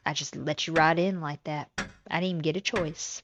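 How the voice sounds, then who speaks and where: A woman streamer giving excitable, giggly commentary while playing a game. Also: sits low, normal speed, muffled recording, noisy background. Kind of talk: casual gaming commentary.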